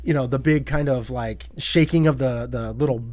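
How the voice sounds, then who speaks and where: A man hosting a casual movie chat podcast, excitable and quick to act out loud reactions. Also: mid-range voice, dry recording. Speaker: podcast host.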